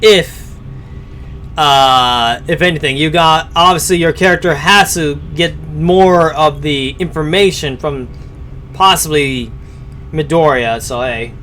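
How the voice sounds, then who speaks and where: A man's voice: on the high side, slow pace, pushed and bright, a little hiss or hum. A man giving casual live-stream commentary as he reacts to a story, rambling and hesitant with many fillers.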